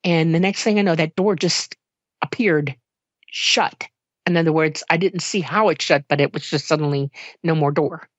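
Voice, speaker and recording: Animated woman telling a dramatic story. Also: moderate pace, dry recording. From Miami, Florida. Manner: animated, emotional retelling with sudden jumps in pitch when quoting herself; casual, conversational, with frequent fillers and laughs. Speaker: interview guest. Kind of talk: personal storytelling in an interview. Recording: dull, dry lo-fi sound.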